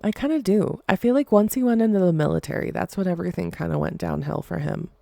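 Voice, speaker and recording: A young woman rambles through a casual solo podcast, chatty and giggly. Her voice sits low with a gravelly fry and a mellow, dark tone. The sound is dry and close. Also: quick pace, no echo. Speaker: podcast host.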